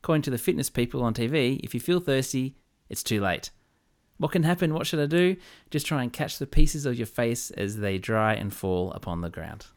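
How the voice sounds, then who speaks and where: A man co-hosting a casual podcast, making jokes with a dry, deadpan manner. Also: mid-range voice, brisk, hardly any pauses. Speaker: podcast co-host.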